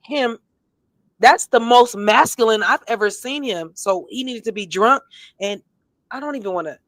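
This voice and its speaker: A woman's voice: a little high, normal speed, a bit bright, no echo. A woman co-hosting a casual gossip show, talking bluntly and sassily, with emphatic repeats and a tipsy edge. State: tipsy, has been drinking. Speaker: co-host.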